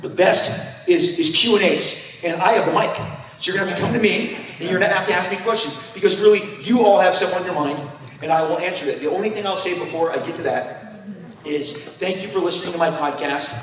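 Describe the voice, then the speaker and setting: A man in his fifties, a comic creator speaking on a convention panel, telling animated stories and acting out voices. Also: high voice, brisk. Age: 50s. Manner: animated storyteller who acts out voices. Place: large convention hall. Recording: echoey hall, speaker far from mic.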